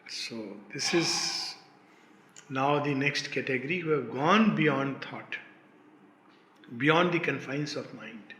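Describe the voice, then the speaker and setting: A man explaining a poem with animated emphasis, leaping higher on key words. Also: slow, long pauses. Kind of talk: spoken commentary on a poem. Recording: echoey room.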